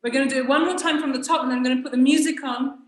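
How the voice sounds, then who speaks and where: High-pitched woman teaching flamenco, chanting the beat, roomy echo. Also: rapid-fire. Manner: energetic, counts rhythms aloud in syllables. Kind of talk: teaching a dance workshop. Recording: echoey room, distant mic, loud noise.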